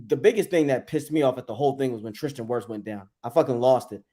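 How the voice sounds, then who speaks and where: A man's voice: medium pitch, fast talker, hardly any pauses, dark tone. A man co-hosting a live sports fan show, ranting angrily and swearing often as he vents frustration. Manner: angry, profane, fired up. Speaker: sports podcast co-host.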